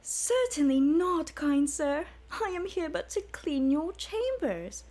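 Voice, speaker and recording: A woman voicing a coy young female lizard-folk maid in a comic dramatic reading, with a fluttery, breathy delivery. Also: very animated, slow, darkish tone, heavily acted. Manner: breathy, bashful, high and fluttery.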